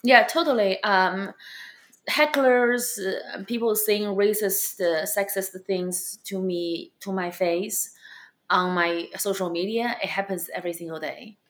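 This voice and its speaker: A woman stand-up comedian and club owner with a non-native accent, answering interview questions bluntly and with animated storytelling. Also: mid-range voice, measured pace. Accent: non-native English accent.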